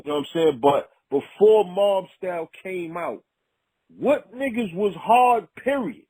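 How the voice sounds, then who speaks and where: A rapper from Harlem, talking as a guest in a casual conversation, full of street slang and frequent "you know what I'm saying.". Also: male voice, high-pitched, lively intonation, unhurried, mellow, slightly rough, dry recording, rough recording. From Harlem, New York.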